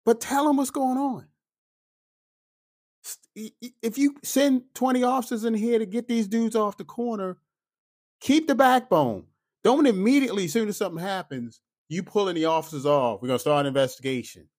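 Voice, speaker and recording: A man's voice: sits high, moderate pace. A man who is a police officer, talking through his opinions in a casual podcast monologue, emphatic and full of rhetorical asides. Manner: animated, emphatic, rhetorical "right?" asides and acted-out quotes.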